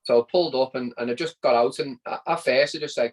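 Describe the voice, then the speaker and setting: A man's voice: mid-range voice, fast, poor audio. Chatty Scouse man telling a story. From Liverpool, England. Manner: chatty, repeats words while telling a story. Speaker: podcast guest. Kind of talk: casual storytelling interview.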